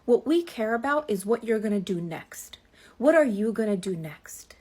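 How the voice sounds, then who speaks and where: A woman's voice: medium pitch, expressive, a little mellow, husky. A woman delivering a lecturing social media rant to camera. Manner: lecturing, deliberate.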